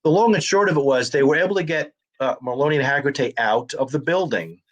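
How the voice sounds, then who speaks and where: Ny guy, actor telling set stories, kinda high voice, acts out all the quotes. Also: fast. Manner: animated storyteller who acts out quoted dialogue. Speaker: actor and comedian guest. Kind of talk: casual storytelling in conversation.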